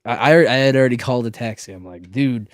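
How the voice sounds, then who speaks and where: A man's voice: medium pitch, quick pace, no echo, clean studio sound. A man from Minnesota telling a long story in casual chat, full of "like" fillers and restarts. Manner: rambling, lots of "like" fillers, self-interrupting. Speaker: podcast co-host.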